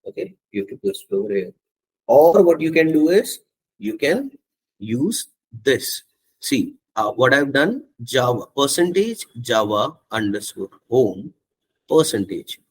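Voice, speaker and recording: A man teaching a software testing course, walking students step by step through setting up Java and often checking in with "okay" and "right". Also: mid-range voice, big pitch swings, unhurried, breathy edge, poor audio. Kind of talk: screen-share coding tutorial.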